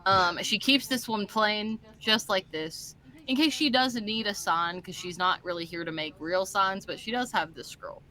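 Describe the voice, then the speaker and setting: A woman playing a tabletop role-playing game over an online call, chatting playfully and quickly. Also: mid-range voice, sharp tone. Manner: playful, quick, laughing asides. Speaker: player. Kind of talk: tabletop role-play chat.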